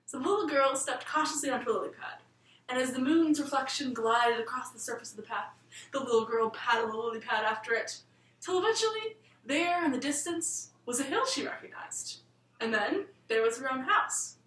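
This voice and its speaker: A woman telling a bedtime story in a lilting, expressive manner. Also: high voice, a little fast, recorded from a distance. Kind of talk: storybook narration. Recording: roomy room, voice set back from the mic.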